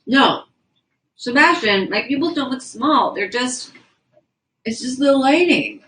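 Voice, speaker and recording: A woman's voice: sits high, lively intonation, slow, a bit bright, slight background noise, rough recording. A young woman livestreaming, chatting casually and rambling as she reads viewer comments aloud from indoors. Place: indoors at a house.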